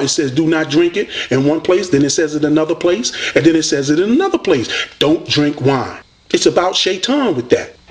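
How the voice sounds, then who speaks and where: A man from the United States, delivering a combative, preachy video rant at a rival debater. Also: a little high. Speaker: online debater addressing a rival.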